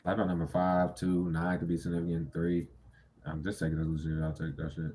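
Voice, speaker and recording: A man's voice: sits low, flat delivery, normal speed, pauses often, a little mellow, slight background noise. Profane, blunt man reading tarot. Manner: profane, blunt, with sudden incredulous outbursts. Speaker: tarot reader. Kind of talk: casual tarot reading rant.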